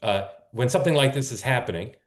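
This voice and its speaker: A man's voice: medium pitch, fast, echoey room. A man hosting a live political talk show, chatty and rambling, often correcting himself. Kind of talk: casual live-stream talk.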